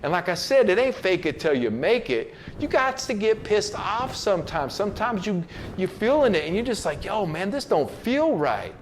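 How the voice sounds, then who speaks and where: A man with a high, sing-song voice gives a casual motivational talk at normal speed over slight background noise. As host, he speaks loosely and slangily, full of fillers and restarts, and sometimes acts out other people's lines in changed voices.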